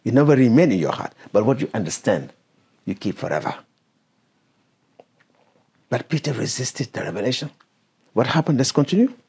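A man's voice: medium pitch, sing-song, normal speed, long pauses, a little mellow, breathy edge. A man preaching and teaching a Bible passage, stopping the reader to explain verses and question her.

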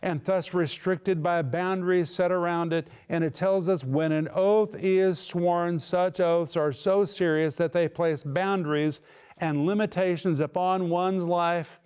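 A man preaching with a smooth, resonant voice that sits a little higher than most. He is emphatic, and he drags out key words to stress them. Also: fairly even intonation, a little slow, darkish tone. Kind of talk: sermon teaching.

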